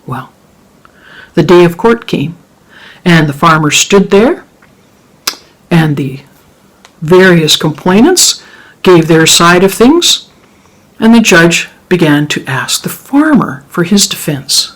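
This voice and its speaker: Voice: mid-range voice, poor audio. A storyteller telling a folk tale to a live audience and then closing the evening as host. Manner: slow, expressive storytelling.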